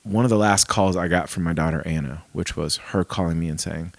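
A man in his forties, a pastor, chatting casually and acting out remembered conversations in a soft voice. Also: low voice, a little fast, dry recording. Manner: storytelling, acts out dialogue softly. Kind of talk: casual podcast chat.

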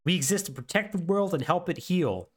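A man voicing an eager, earnest male organization leader who stumbles through a sales pitch. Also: expressive, fairly quick.

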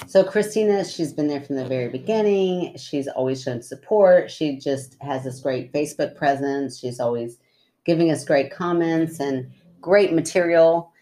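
A woman's voice: low-pitched, moderate pace, dark tone. A woman co-hosting a podcast, bantering playfully and teasing her co-host in casual chat.

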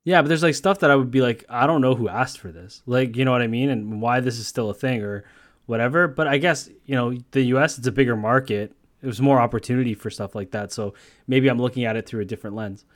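A man's voice: mid-range voice, quick pace. A man co-hosting a podcast, telling long rambling stories in casual chat and swearing freely. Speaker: podcast co-host.

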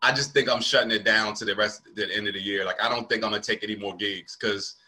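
A man's voice: on the low side, steady tone, fast talker, bright, forceful tone. A male comedian hosting a casual chat, telling loose slangy stories and laughing often. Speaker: comedian and podcast host.

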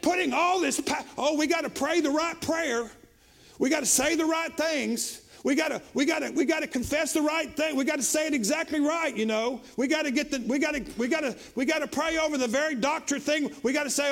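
Brief: male pastor, very high pitch, repetitive preaching that rises to shouts. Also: fairly quick. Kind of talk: sermon.

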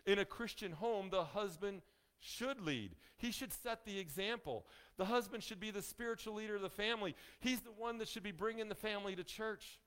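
Male pastor, slightly high voice, folksy sermon delivery with jokes to the pews, leans on key lines. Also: a bit bright, clear, resonant tone. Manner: folksy, joking asides to the congregation; emphatic, slows down on key phrases.

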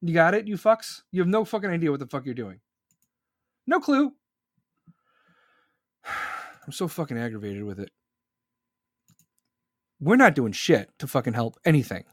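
A man's voice: fairly high pitch, sing-song, normal speed, a bit bright, no room sound, clean studio sound. A man hosting a podcast, delivering an angry, profane political rant. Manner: furious, profane, ranting. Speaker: podcast host.

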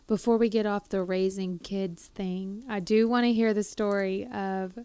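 A woman's voice: mid-range voice, fairly even intonation, unhurried, smooth, no echo. A woman hosting a podcast, chatting casually and prompting her guest to tell a story. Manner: warmly encouraging, prompts the guest. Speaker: podcast host. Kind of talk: casual interview chat.

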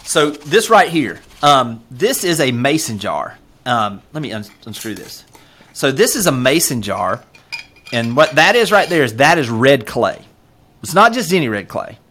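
Man, Southern US accent, lively swinging pitch, earnest, many fillers, podcast guest. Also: measured pace. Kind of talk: casual interview chat.

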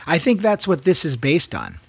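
Relaxed male podcast co-host, easygoing chatter, close dry mic. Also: fairly high pitch, moderate pace, creaky, slightly rough, dry recording. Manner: laid-back, laughs along often. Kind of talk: casual chat.

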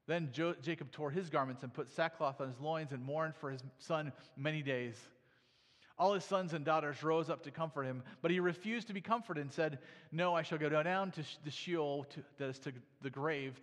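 A man's voice: fairly high pitch, moderate pace, a bit bright. Preacher man in a reverberant hall. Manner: reads scripture then explains it conversationally, with restarts and "right?". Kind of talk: sermon with scripture reading.

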